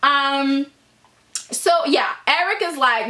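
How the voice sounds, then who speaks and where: Chatty bright-voiced woman reviewer. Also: high voice, unhurried. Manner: chatty and animated, with frequent "okay?" asides. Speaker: soap opera reviewer. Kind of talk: casual vlog review.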